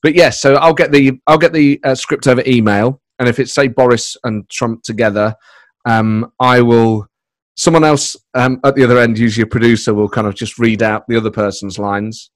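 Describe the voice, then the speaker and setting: A man's voice: mid-range voice, steady tone, dry recording, clean studio sound. A man, a comedy writer and voice performer, chatting casually in an interview from his spare room, rambling and breaking into his own sentences. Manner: rambling, self-interrupting, with quick bursts of put-on voices. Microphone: microphone on a laptop.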